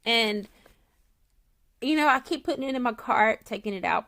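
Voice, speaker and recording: A woman with a fairly high voice chats straight to her viewers as a tarot reader. She gushes and gets emotional, close to tears. Her talk swings from soft and low to loud and excited. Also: moderate pace. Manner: emotional, gushing, near tears. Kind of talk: casual chat to viewers.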